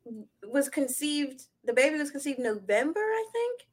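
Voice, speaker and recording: Casting: young woman, high voice, slangy, animated gossip co-host. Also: moderate pace. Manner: animated, slangy, laughs often. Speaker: podcast co-host. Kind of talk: casual gossip chat.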